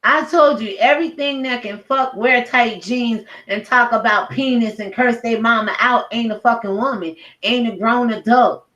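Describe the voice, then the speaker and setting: A woman's voice: a little high, normal speed, few pauses, fairly bright tone, dull audio. A middle-aged woman ranting at home in a blunt, profane, heated commentary video. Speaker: commentary vlogger. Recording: roomy echo.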